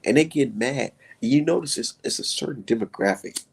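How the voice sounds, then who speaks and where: A man hosting a live stream, ranting heatedly with lots of profanity and sudden jumps in pitch. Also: expressive, moderate pace, gravelly, a little hiss or hum.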